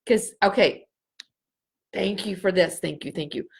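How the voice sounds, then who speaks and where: A middle-aged woman hosting a live spiritual healing session, speaking slowly and earnestly and repeating phrases for emphasis. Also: medium pitch, vocal fry, slightly rough. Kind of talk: live energy-healing reading for viewers.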